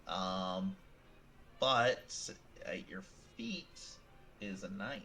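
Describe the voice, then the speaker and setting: Low-voiced man narrating as game master. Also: lively intonation, very slow, noisy background. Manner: loose, rambling narration with fillers.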